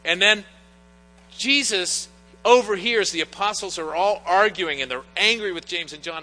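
A pastor in middle age delivers an earnest, anecdote-driven sermon at normal speed, his high-sitting voice sharp in tone. The church sanctuary recording carries long reverb and a faint hum from the mains.

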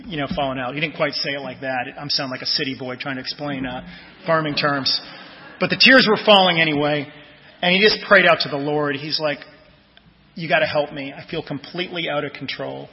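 A fairly high-voiced man preaching a sermon, his delivery conversational and his phrase endings fading quietly. The audio is dull and lo-fi, with a long church reverb behind him. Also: fairly quick. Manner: conversational, tells personal stories, trails off softly at phrase ends. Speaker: pastor.

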